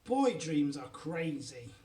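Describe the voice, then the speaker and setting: Guy doing a frank little girl, calm, heard from a bit back. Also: on the high side, slow, roomy sound, far from the mic, pitched below the performer's own voice. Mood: curious. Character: curious young girl, frank.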